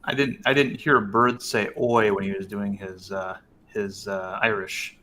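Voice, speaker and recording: A man's voice: lowish voice, fairly even intonation, a little slow, pushed and bright, slight background noise. A man joining a casual online panel chat, chatty and teasing, laughing often. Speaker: panel guest.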